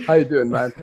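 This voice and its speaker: A man's voice: medium pitch, a little mellow, husky, no room sound. A man hosting a casual group chat, joking and laughing often.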